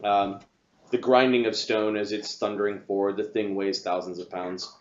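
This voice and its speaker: Guy running a tabletop game, lowish voice, lots of ums, echoey muffled room. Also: flat delivery. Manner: halting, frequent restarts and ums. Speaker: game master. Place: room with several players around a table.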